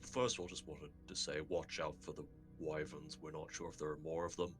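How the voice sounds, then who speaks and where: A man voicing a hulking, weary male companion who speaks low, quiet and deadpan. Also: fairly quick, soft background music.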